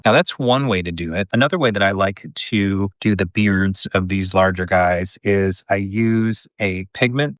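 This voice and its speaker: Man, middle-aged, pottery teacher, casual studio tutorial, low voice, dry close sound. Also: no room sound. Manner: relaxed, chatty, talks while working.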